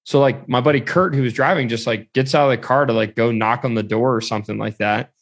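A man's voice: medium pitch, fast talker, breathy edge. This man has a mid-range voice and keeps spilling a story out casually. His words run into each other with filler after filler. It sounds like an easygoing podcast chat. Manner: rambling, heavy use of "like".

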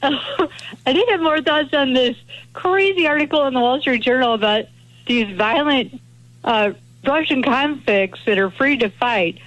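A woman's voice: high-pitched, a little slow, a bit bright, no room sound, dull audio. A female defense attorney guesting on a radio show, talking in a chatty, laughing way with lots of "like". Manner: chatty and laughing, loose with fillers like "like". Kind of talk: casual radio interview.

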